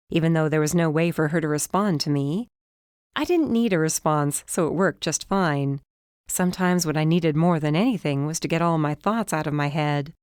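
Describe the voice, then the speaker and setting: A woman giving first-person audiobook narration, lively and rising in pitch when the dialogue turns heated. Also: smooth, no echo, studio quality.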